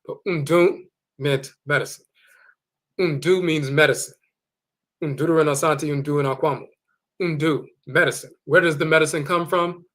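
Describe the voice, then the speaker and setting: Man slowly teaching word meanings. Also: fairly high pitch, fairly even intonation, fairly bright tone. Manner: slow, deliberate, repeating words for emphasis; carefully sounding out foreign words. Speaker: teacher of Akan spiritual tradition. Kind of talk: explanatory lecture with dictionary readings.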